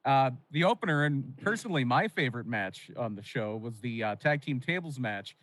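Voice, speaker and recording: A man's voice: mid-range voice, lively intonation, moderate pace, fairly bright tone, low-quality recording. A man co-hosting a casual podcast, reading out the match results with dry teasing asides. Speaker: podcast co-host.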